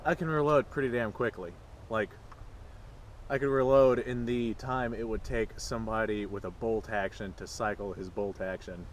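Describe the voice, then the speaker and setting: A fairly low-voiced man speaks in a sarcastic, mock-serious way, vlogging outdoors. Faint outdoor noise sits under his voice. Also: fairly even intonation, normal speed. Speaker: gun vlogger. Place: outdoors at a shooting range.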